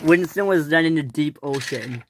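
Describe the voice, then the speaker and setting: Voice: medium pitch, normal speed, a little hiss or hum. Casual toy train story narrator. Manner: loose storytelling with restarts.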